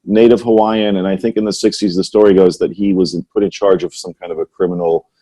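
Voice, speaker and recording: Low husky man musing. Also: little pitch movement, quick pace, warm tone. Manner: rambling, musing, repeats "right?". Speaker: podcast host. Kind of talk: casual conversational chat.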